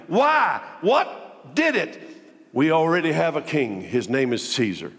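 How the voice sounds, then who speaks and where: A pastor preaching a sermon, dramatically swinging between loud declaiming and low, intimate tones. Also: male voice, expressive, measured pace. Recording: long hall reverb.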